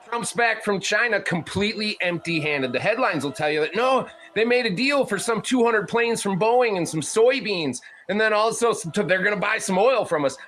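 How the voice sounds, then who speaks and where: A man's voice: high voice, expressive, moderate pace, hardly any pauses, a bit bright, a little hiss or hum. A man giving heated, profane political commentary as a panel host, mocking and putting on voices when he quotes people.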